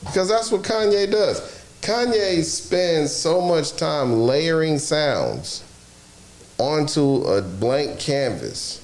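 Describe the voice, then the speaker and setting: A man hosting a casual sports talk show, loud and profane, laughing often as he talks. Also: mid-range voice. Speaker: podcast host. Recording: roomy echo, faint noise.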